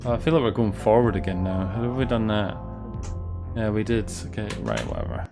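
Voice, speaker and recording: A man's voice: lowish voice, expressive, brisk, warm tone. Sardonic man rambling over game music. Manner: rambling, sardonic, swears often. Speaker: let's play host. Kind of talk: casual gameplay commentary. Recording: game music clear behind voice.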